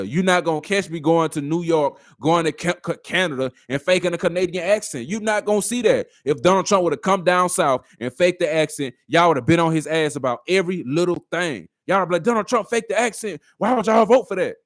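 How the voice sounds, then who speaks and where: A man's voice: on the high side, fairly quick, few pauses, a bit bright, no echo, studio quality. A man doing reaction commentary on a video clip, arguing through a string of rhetorical questions.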